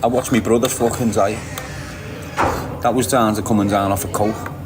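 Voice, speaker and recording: A man's voice: lowish voice, steady tone, normal speed, music in the background. A man with a Liverpool accent hosting a livestream, chatting casually and bluntly with viewers, swearing often and laughing a lot. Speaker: livestream host. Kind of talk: casual livestream chat reading viewer comments.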